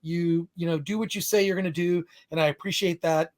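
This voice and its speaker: A man's voice: on the high side, fairly even intonation, a little fast, darkish tone. A man hosting a live podcast, chatting loosely and reading out viewer messages, rambling and laughing at himself. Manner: rambling, laughing, self-deprecating. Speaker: podcast host. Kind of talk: live-stream podcast chat, reading super chats.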